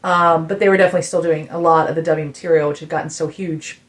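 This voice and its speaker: A woman in her forties from the United States, a musician co-hosting a podcast, telling a story with lively acted-out quotes in a casual chat. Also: low voice, fast. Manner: animated storytelling, acts out quotes.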